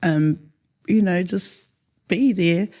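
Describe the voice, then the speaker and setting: A woman's voice: on the low side, slow, mellow. A woman, a guest in a casual interview, talking in a rambling way with many fillers and Māori words mixed in. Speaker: interview guest, haka performer.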